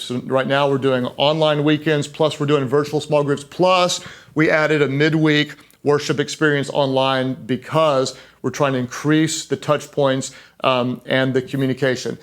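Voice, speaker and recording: A man's voice: a little high, steady tone, a little slow. Emphatic, conversational male pastor speaker. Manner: emphatic, repeats key words for stress; conversational and self-deprecating asides. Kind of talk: leadership talk to church and business leaders.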